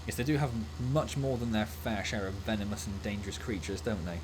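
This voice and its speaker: A man's voice: lowish voice, brisk, background noise. A man streaming a farming game and chatting casually and jokily, laughing easily. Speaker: gaming streamer. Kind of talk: casual livestream gameplay chat.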